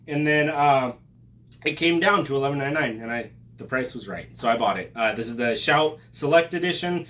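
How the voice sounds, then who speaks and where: A man hosting a casual vlog, excitable and joking, with profanity and sudden loud bursts. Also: mid-range voice, normal speed. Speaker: collector vlogger.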